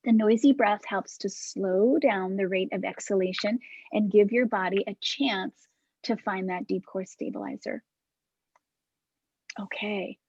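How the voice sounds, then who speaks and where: A woman instructor calmly guiding a movement class over a video call, demonstrating breaths. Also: medium pitch, unhurried, no room sound, lo-fi sound. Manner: calm, soft-spoken cueing with breathy demonstrations.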